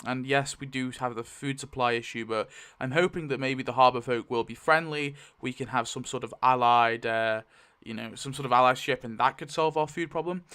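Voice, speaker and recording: Man, casual solo tabletop game narrator, thinks aloud, lots of ums and restarts, bright crisp voice. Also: medium pitch, normal speed, hardly any pauses. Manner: thinking aloud, frequent fillers and self-corrections.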